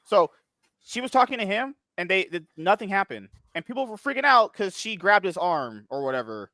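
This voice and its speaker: A man's voice: high voice, very animated, a little fast, pushed and bright, dry recording. A man co-hosting a podcast, making provocative jokes in casual banter. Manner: provocative, joking. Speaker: podcast co-host.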